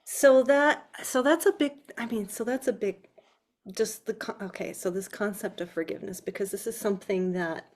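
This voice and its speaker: A woman's voice: medium pitch, moderate pace, a little mellow. A woman interviewer who starts and restarts her sentences while framing a question. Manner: hesitant, restarts phrases.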